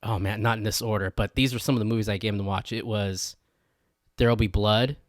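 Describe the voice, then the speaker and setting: A man co-hosting a casual podcast, excitable, saying "dude" constantly and acting out quotes from friends. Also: lowish voice, a little fast, no echo, studio quality. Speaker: podcast co-host. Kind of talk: casual chat.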